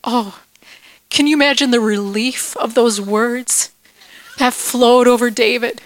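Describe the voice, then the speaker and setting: A woman teaching a Bible lesson to children. She is playful and animated and asks the kids questions. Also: fairly high pitch, measured pace, no echo.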